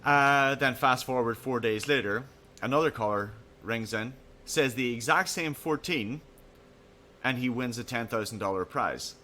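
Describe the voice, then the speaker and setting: A man co-hosting a casual podcast, telling a news story in an animated way and acting out the people in it. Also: mid-range voice, a little slow, slight background noise. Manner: animated storyteller, acts out quoted voices. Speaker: podcast co-host.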